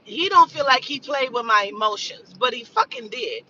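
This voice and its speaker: A woman in her forties, a spiritual advisor, telling a story in casual, profane, animated talk and acting out the voices of others. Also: high-pitched, normal speed, distant mic, muffled recording, a little hiss or hum.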